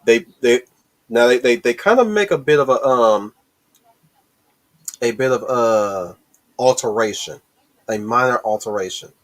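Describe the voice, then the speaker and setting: A man in mid pitch talks over a film he just saw, ranting and stumbling over his words in his excitement. He hosts a loose, casual stream chat. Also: measured pace, pauses often. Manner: excited, rambling, many restarts and swearing. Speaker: host. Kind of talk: casual movie discussion on a stream.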